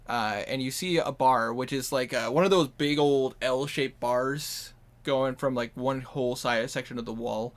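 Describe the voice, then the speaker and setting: Game master, male, Minnesotan accent, loose rambling narration, mid pitch. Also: a bit bright. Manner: rambling, casual descriptions with many fillers. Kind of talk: narrating a tabletop game over voice chat.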